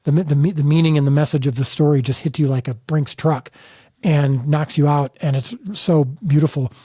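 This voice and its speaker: Guest filmmaker, middle-aged man from the States, earnest and emphatic, mellow and dry. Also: a little high, steady tone, a little fast, husky, no room sound. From United States. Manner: earnest, emphatic storytelling with restarts. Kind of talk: candid interview conversation.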